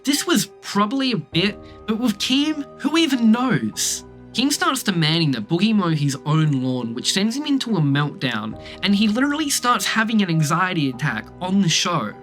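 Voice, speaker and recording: A commentary video narrator recapping events in a wry, matter-of-fact way over clear background music. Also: mid-range voice, sing-song, moderate pace, fairly bright tone.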